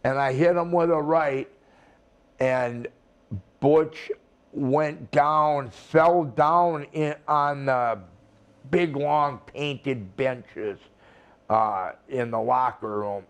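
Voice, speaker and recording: An older man, a retired wrestler, tells a rambling, profane story in a casual interview, his medium-pitched voice smooth and his words drawn out. He acts out the people in his stories.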